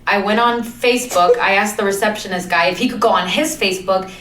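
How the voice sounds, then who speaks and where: A young woman co-hosting a podcast, telling a story in a lively, laughing, chatty way. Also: medium pitch, fairly quick. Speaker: podcast co-host. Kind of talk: casual storytelling chat. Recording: roomy, off-mic sound.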